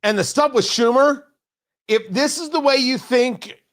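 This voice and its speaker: A man's voice: very high voice, unhurried, fairly bright tone. A man hosting a political talk show from a studio, talking in an indignant, mocking and emphatic way. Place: radio studio.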